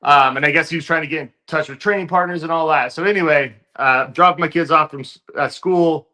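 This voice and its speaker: A man guest in an interview, telling a story in a relaxed, casual way with lots of fillers. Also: on the high side, a little fast. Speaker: interview guest, fighter turned actor.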